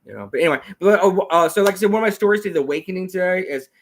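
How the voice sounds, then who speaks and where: A man hosting a casual talk show, rambling and repeating himself as he talks fast. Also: high voice. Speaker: host. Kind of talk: casual chat.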